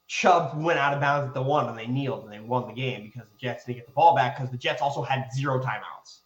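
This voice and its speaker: A man co-hosting a podcast, telling sports stories in a casual, excitable way and swearing freely. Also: mid-range voice, fast talker, roomy sound, poor audio. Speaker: podcast co-host.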